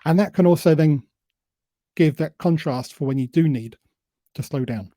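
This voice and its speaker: A man giving a presentation on public speaking, who admits he tends to talk too fast and deliberately varies his pace and emphasis. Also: a little high, dark tone, no echo. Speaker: invited speaker.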